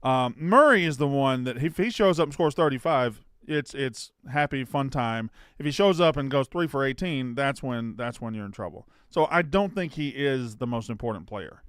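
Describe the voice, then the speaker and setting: A man's voice: medium pitch, animated, moderate pace, hardly any pauses, clean tone, dry recording, clean studio sound. A man co-hosting a sports podcast, rambling and joking, swearing freely in casual chat. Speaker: podcast co-host.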